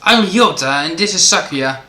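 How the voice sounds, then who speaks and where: A man's voice: on the high side, animated, normal speed, sharp tone, slight background noise. A man hosting a game playthrough, reading the dialogue aloud in a casual, playful way. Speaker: let's play host. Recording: roomy, game music behind.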